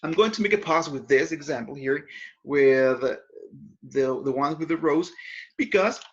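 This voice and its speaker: A man's voice: a little high, measured pace. Patient male grammar teacher, lo-fi. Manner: patient explaining, frequent self-corrections. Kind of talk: recorded classroom lesson.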